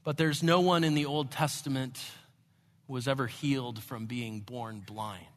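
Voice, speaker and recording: A man preaching a sermon, expressive, moving between hushed and emphatic delivery. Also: mid-range voice, normal speed. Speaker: pastor. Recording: long hall reverb.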